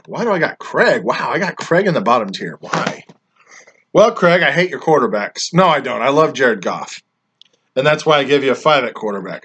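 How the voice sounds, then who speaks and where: A man casually grading his friends' fantasy football drafts, teasing and rambling, often trailing off quietly at the ends of his lines, his voice getting worn. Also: mid-range voice, husky. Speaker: fantasy football league member reviewing drafts.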